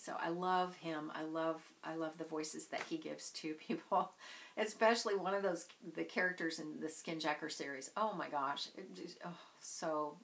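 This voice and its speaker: A woman's voice: fairly low pitch, fairly bright tone, poor audio. A woman vlogger chatting casually and enthusiastically about books she loves. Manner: gushing, enthusiastic. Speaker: book vlogger. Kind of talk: casual chat.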